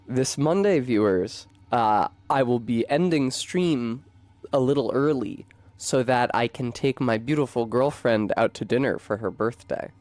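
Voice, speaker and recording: A man's voice: mid-range voice, a little slow, darkish tone, no room sound. A young man streaming a game, chatting casually, swearing and correcting himself as he rambles. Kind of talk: casual gameplay commentary.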